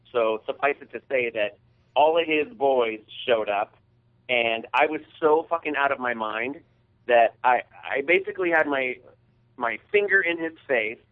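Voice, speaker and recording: A man hosting a podcast, retelling an embarrassing story in a casual, profane, heated way. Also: medium pitch. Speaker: podcast host. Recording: tinny phone-like sound.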